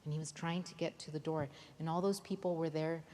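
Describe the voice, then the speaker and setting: A woman telling a Bible story to children at a church holiday Bible school, lively and often asking the kids questions. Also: low voice, fairly quick. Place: church hall. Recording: reverberant hall, faint noise.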